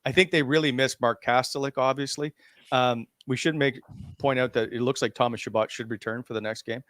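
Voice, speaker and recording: A man's voice: mid-range voice, fairly even intonation, a little fast, a bit bright, dry recording, clean studio sound. A man hosting a hockey talk show, leading the discussion and putting questions to the other panelists. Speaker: sports talk show host.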